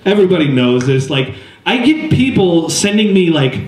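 A man's voice: fairly high pitch, very animated, normal speed, darkish tone. A man in his twenties doing stand-up comedy in a live venue, rambling and self-deprecating, jumping into voices. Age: 20s. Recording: roomy stage sound.

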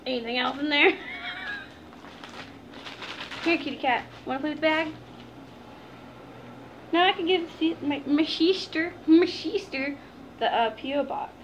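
Young woman vlogging, high voice, giggly and gushy, faint background hiss. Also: normal speed, pauses often, a bit bright. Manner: gushing, giggly, talks to viewers as "guys". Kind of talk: casual unboxing vlog.

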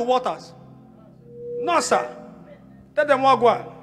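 A middle-aged Nigerian man delivers a loud, emphatic sermon in a strikingly high voice. His pitch leaps and dips as he repeats phrases for weight, with faint music under him. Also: animated, slow pace. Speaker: preacher.

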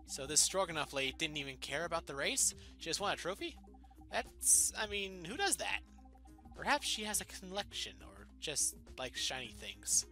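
Cheerful young psychic girl, sing-song and lively, a gamer doing the voice. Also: mid-range voice, normal speed, faint music behind. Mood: curious. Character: cheerful young female psychic fortune teller. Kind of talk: reading game dialogue aloud in character.

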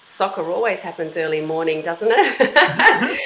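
An Australian woman teaches an online voice class for kids, using a bright, encouraging teacher voice and telling stories with sung-out examples. Her high voice is expressive and measured in pace, though the audio is poor with a roomy sound.

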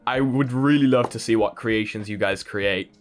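A man's voice: fairly low pitch, normal speed, faint music behind. A man from Poland with an Irish accent, hosting a tech vlog in an enthusiastic, playful way and talking straight to his viewers. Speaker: tech channel host.

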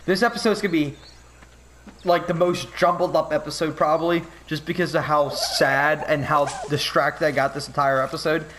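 A young man giving casual gaming commentary, swinging from mock grief to frantic yelling and swearing. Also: on the high side, fairly even intonation, normal speed, a little hiss or hum, rough recording. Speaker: gameplay commentator.

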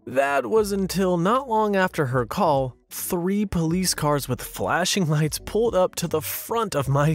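A man narrating an online story in an expressive, wry storytelling manner. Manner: expressive, sarcastic storytelling with lively pitch swings.

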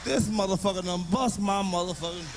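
High-pitched loud stand-up comedian man. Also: fairly quick, over music. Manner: loud, profane, often shouting. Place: live comedy stage before an audience.

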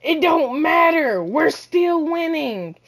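A woman giving loud, boastful trash-talk commentary while playing a basketball video game, often shouting. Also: high voice, sing-song, takes it slowly. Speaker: gamer. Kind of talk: live gameplay commentary.

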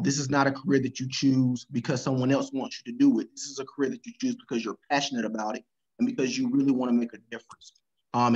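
A man answering as a panelist over a video call, earnest and measured. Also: medium pitch, lo-fi sound. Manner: earnest, with many fillers and restarts.

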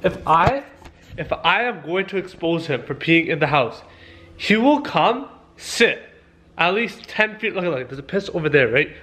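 A young man vlogging casually, excitable and swearing, switching to high baby talk with his dogs. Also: measured pace, a little hiss or hum. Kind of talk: casual vlog talking to viewers and dogs.

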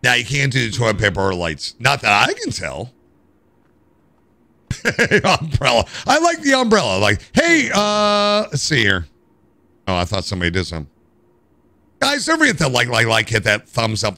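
American male streamer, gravelly and dry, close to the mic. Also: fairly low pitch, moderate pace, no room sound. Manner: animated, jokey, complains to chat. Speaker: game streamer. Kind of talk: live gameplay commentary.

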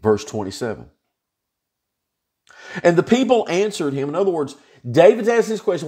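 A man's voice: fairly high pitch, sing-song, normal speed, pauses often, a little mellow. A male pastor teaching an informal Bible study, retelling scripture in a folksy, plain-spoken way.

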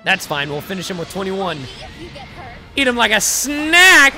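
A young man giving excited gameplay commentary, yelling and trash-talking his opponent as he plays a fighting game. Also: high-pitched, a little slow, music in the background. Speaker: gaming YouTuber playing a fighting game.

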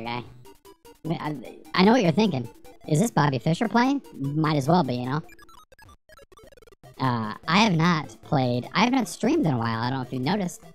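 A woman streaming a retro game, rambling, swearing and joking with her chat as she plays. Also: deep voice. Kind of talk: casual livestream gameplay commentary.

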